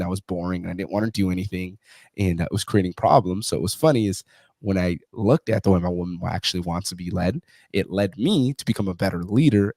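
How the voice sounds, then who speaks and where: A man hosting a podcast and telling a story in a profane, animated way, acting out what others said. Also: low-pitched, no echo, clean studio sound. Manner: profane, animated storyteller who acts out quotes. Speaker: podcast host. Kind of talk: casual podcast conversation.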